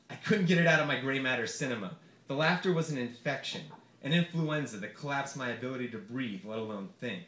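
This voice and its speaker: A man reading his own comic personal essay aloud to a live audience in a bar, with a vivid, expressive storytelling delivery. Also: mid-range voice, fairly quick, roomy sound. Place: bar hosting a reading series.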